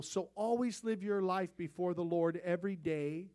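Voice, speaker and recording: A man's voice: high-pitched, moderate pace, few pauses, a little mellow. A middle-aged male pastor preaching a sermon, telling folksy stories and rising to emphatic peaks.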